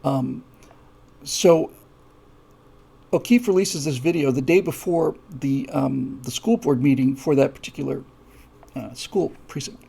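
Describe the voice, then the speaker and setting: A man hosting a live show, telling a story in a monologue. He repeats words for emphasis and builds from quiet asides to heated stretches. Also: mid-range voice, measured pace, vocal fry, long pauses, breathy edge. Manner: many fillers and restarts, repeats words for emphasis. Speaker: show host.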